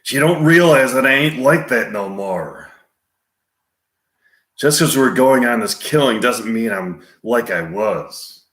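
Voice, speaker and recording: A man doing an impression of a weary, hard old gunslinger who talks quietly with a drawl. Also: mid-range voice, animated, takes it slowly. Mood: grim. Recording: roomy echo, a bit off mic.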